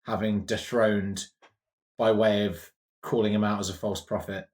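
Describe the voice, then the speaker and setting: A man's voice: on the low side, little pitch movement, a little slow, a little mellow. A man playing a tabletop game, musing aloud over options. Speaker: player.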